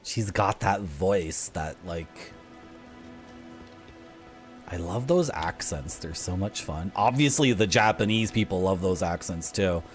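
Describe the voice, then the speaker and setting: A woman's voice: extremely low pitch, lively intonation, takes it slowly, faint music behind. A woman streamer rambling through casual, self-mocking gaming commentary.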